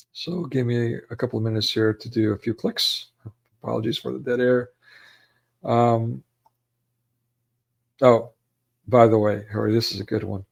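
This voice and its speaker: A man with a gravelly, fry-laden voice talks through a livestream, preaching and rambling between clips. He often corrects himself mid-sentence and turns emotional. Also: mid-range voice, darkish tone. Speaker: livestream host. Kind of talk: livestream commentary.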